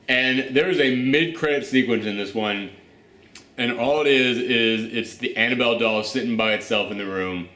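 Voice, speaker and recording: At a moderate pace and mid-range pitch, a movie reviewer runs through a spoiler-filled review on his channel. His talk is lively, full of swearing and acted-out asides, in a room with noticeable echo.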